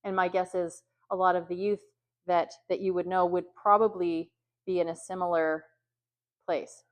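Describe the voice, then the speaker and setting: A woman's voice: fairly low pitch, level tone, normal speed. A woman leading a training session for youth workers, talking conversationally with many ums and acting out example phrases. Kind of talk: training talk.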